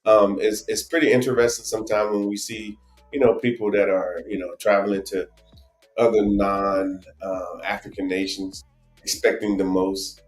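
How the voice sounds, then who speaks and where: A man with a New Jersey accent co-hosting a casual travel live stream, rambling and animated with lots of restarts. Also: lowish voice, normal speed, echoey room, faint music behind. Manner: animated, rambling, many restarts and "you know". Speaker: travel show co-host.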